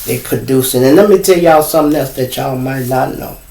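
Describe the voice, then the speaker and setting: A man's voice: mid-range voice, a little fast, darkish tone, a little hiss or hum. A middle-aged man with a Chicago accent hosts a casual livestream monologue, blunt, profane and preachy as he lectures his viewers. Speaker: show host. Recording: roomy echo.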